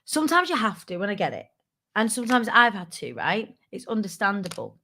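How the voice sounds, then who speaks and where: A woman's voice: mid-range voice, wildly swooping pitch, brisk, sharp tone. A woman hosting a business tips show, giving a casual motivational talk to her viewers in a candid, playful way with some swearing.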